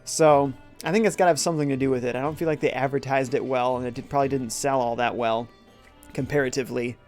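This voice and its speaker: A man's voice: mid-range voice, fairly even intonation, fast talker, a little mellow, faint music behind. A man live-streaming a retro game, chatting casually, reading viewer comments aloud and joking along. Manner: upbeat, reads chat comments aloud and jokes.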